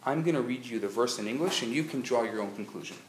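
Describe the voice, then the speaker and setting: A man speaking as a rabbi, giving a live lecture and telling jokes with lively storytelling. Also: mid-range voice, fast talker. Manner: animated joke-telling storyteller. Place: community center lecture hall. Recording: echoey hall, faint noise.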